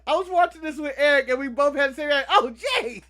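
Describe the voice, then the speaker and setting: An American man co-hosting a casual podcast, retelling events excitedly, laughing and shouting out quotes. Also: extremely high pitch, fast talker. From United States. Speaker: co-host.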